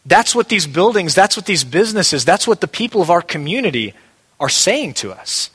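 A man's voice: sits high, very animated, moderate pace, a bit bright, husky. A male pastor preaching a sermon, emphatic and repeating key phrases for weight. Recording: long hall reverb.

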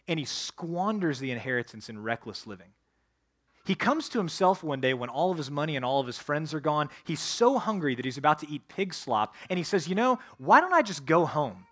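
A man's voice: on the high side, animated, normal speed. A male pastor preaching a sermon, earnestly addressing the congregation directly.

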